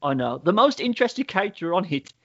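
A man's voice: high voice, big pitch swings, fast talker, a bit bright. Rambling man recapping a show, lo-fi. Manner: rambling storyteller, many "like" fillers, swears freely. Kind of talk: casual chat, reviewing a TV show.

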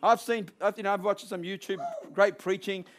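High-voiced man preaching emphatically. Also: fairly even intonation, moderate pace, noisy background. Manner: emphatic, rising to forceful peaks, acts out quoted voices. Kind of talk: sermon.

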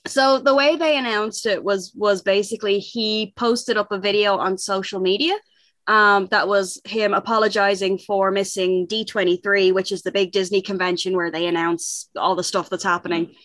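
A woman co-hosting a podcast, chatting casually and excitedly, laughing often and rambling with fillers. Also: mid-range voice, normal speed, no echo. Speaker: podcast co-host. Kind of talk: casual chat.

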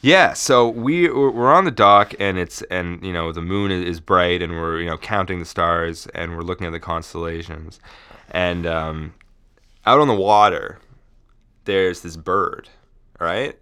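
A man co-hosting a podcast, telling a deadpan comic story in a rambling way, full of restarts. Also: deep voice, unhurried, clean tone. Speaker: podcast co-host.

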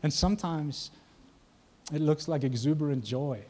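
Warm, husky-voiced male preacher. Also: fairly high pitch, moderate pace. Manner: conversational, asks the congregation questions. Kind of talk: sermon.

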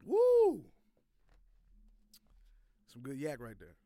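High-voiced man ranting about sports. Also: lively intonation, normal speed, smooth, dry recording, clean studio sound. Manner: loose, profane, slangy ranting with repeated phrases. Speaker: sports podcast host. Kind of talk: casual sports commentary monologue.

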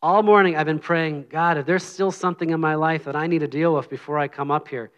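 A man's voice: fairly high pitch, steady tone, a little fast, highs cut off. Earnest, humble man preaching casually. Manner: earnest, humble, conversational with frequent sighs. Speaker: lay preacher. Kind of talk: informal sermon with prayer.

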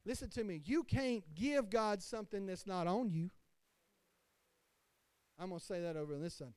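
High-voiced impassioned male pastor. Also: normal speed, a little mellow, smooth, no room sound. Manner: impassioned preaching with call-and-response. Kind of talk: sermon.

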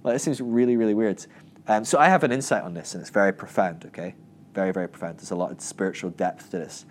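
A lowish male voice at a quick pace carries a casual, humorous Bible teaching. The Christian teacher jokes and stays animated, acting out quoted lines in raised voices.

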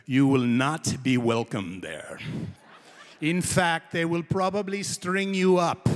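An excitable European trip leader, as a storyteller puts him on, theatrical and loud. He swings between booming declarations and slow, solemn pronouncements. The voice rings out with a long hall reverb. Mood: grave.

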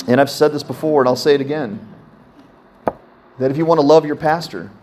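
A man's voice: a little high, a little fast, a little mellow, a little hiss or hum. A man in his thirties, a pastor preaching a sermon in a conversational way, often asking his congregation questions.

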